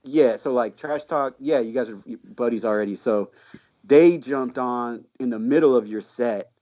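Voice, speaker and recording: A man's voice: mid-range voice, moderate pace, mellow, muffled recording. A man chatting casually as a podcast guest, telling a rambling story full of slang, swearing and fillers.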